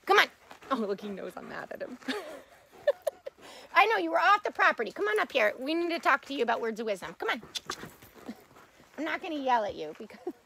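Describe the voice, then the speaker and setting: A woman pet psychic chatting with her dog in a casual vlog, animated and giggly, with fond baby talk. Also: sits high, vocal fry, a little hiss or hum.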